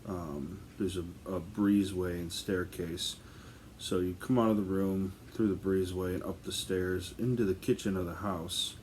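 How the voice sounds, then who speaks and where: A man's voice: low voice, fairly even intonation, normal speed, a little mellow, a little hiss or hum. A man telling a ghost story from his own life in a casual, rambling way, full of ums and restarts. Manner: rambling, filler-heavy, conversational.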